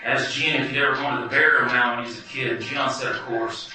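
A man performing a wry, animated first-person story live. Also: medium pitch, quick pace, faint music behind. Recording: echoey hall from far off.

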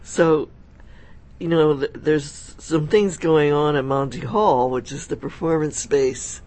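A man's voice: a little high, steady tone, darkish tone. A man co-hosting a radio show in a studio, chatting agreeably and reading out event listings. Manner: unhurried, agreeable, reads out listings. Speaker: radio co-host. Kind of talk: casual on-air chat and event announcements.

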